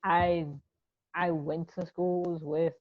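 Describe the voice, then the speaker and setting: A young woman from Charleston, South Carolina, co-hosts a casual podcast, speaking slowly in a lowish, level voice. She tells stories frankly and often quotes people, doing their voices. The dry recording has dull, lo-fi podcast audio.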